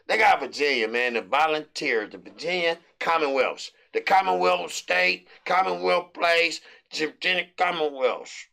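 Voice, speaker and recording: A middle-aged American man hosting a sports betting show, rambling loosely through his picks with hype and shout-outs. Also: on the high side, normal speed, creaky. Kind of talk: casual sports picks monologue.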